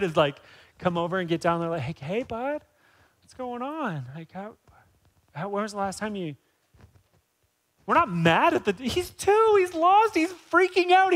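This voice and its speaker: A man preaching a sermon as pastor, speaking conversationally and rising to animated emphasis. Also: high-pitched.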